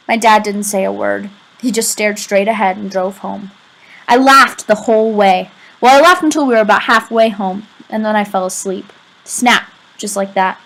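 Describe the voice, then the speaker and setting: Rich: A woman narrating an audiobook in the first person with expressive, emotional storytelling. Her voice sits at a middle pitch, and she leans into the feeling of the scenes. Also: moderate pace, vocal fry, poor audio. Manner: expressive, emotional storytelling with pleading quoted lines.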